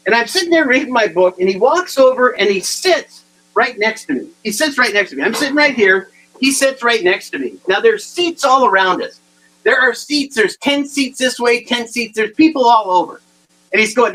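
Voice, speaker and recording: A man's voice: very high voice, lively intonation, moderate pace, sharp tone, low-quality recording. A man giving a humorous motivational talk, telling stories and acting out the people in them, with frequent stammered restarts. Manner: storytelling with acted-out quotes and repeated punchlines. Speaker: motivational speaker.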